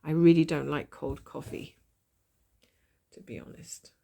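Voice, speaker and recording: A woman with a gravelly voice and a blocked nose from a cold, chatting casually and thinking aloud while she stitches, with a self-deprecating manner. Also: sits low, a little slow, warm tone. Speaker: cross-stitch vlogger. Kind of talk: casual stitch-along chat.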